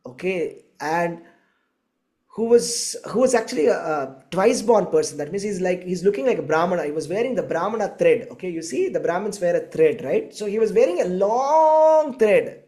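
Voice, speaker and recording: A man's voice: high voice, animated, normal speed, mellow. A man voicing the young goddess Radharani as she eagerly recounts a dream, in a storytelling sermon. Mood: wondering. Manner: earnest, wondering retelling of a dream.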